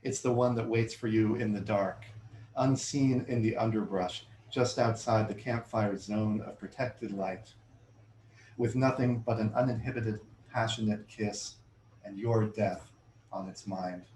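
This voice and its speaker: A man's voice: on the low side, fairly even intonation, darkish tone. Man reading his poems aloud in a roomy hall. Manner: measured, deliberate reading, chatty and self-amused between poems. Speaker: poet giving a reading. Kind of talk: poetry reading with spoken asides. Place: bookshop reading room with audience. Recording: roomy hall sound, faint room noise.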